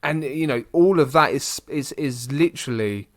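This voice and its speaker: A man's voice: medium pitch, expressive, normal speed, no echo, studio quality. A young British man co-hosting a casual podcast, talking in a rambling way with many restarts and fillers. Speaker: podcast co-host. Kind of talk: casual chat.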